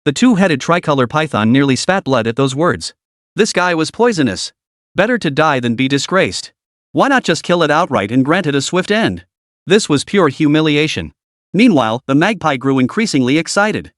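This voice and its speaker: A man's voice: a little high, animated, normal speed, dry recording, studio quality. A man narrating a recap story in a dramatic, scripted style.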